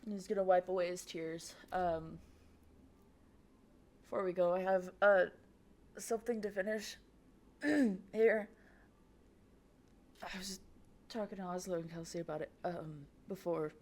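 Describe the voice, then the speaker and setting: Slow, soft-spoken woman at a tabletop game. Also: fairly low pitch, steady tone. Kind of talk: tabletop role-play, in and out of character.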